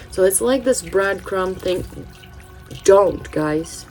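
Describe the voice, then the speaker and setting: Taking it slowly in a mid-range, darkish voice, a woman in her thirties does an oracle card reading for her channel, chatting casually with frequent ums and restarts. Born in Brazil, she's a native Portuguese speaker whose English accent is part British, part Californian, and the recording quality is low.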